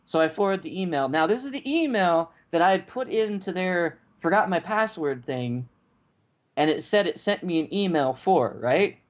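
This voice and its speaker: On dull, lo-fi podcast audio, a co-host rants in casual conversation, acting out both sides of the story. His voice is high with lively intonation at a normal speed.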